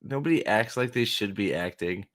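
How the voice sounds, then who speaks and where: A man's voice: on the low side, lively intonation, moderate pace, fairly bright tone. Foul-mouthed, exasperated man ranting. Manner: profane, exasperated, sarcastic. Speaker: host reviewing a TV episode. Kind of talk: ranting reaction commentary.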